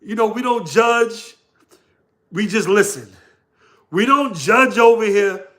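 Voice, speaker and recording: A man's voice: high-pitched, lively intonation, slow pace, fairly bright tone. A man with a New York accent hosting a casual livestream, laughing often and talking slangily to his chat. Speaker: livestream host.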